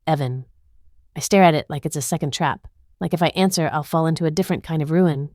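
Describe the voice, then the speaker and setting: Low-voiced woman telling a tense story. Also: fast talker, a little mellow, no room sound, clean studio sound. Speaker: narrator. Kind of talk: first-person dramatic story narration.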